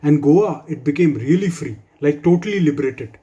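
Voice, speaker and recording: Guy doing standup for his office, wry dry jokes, kinda high mellow voice. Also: animated, normal speed. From India. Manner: wry, dry humor with asides. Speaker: stand-up comedian. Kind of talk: stand-up comedy set for office colleagues.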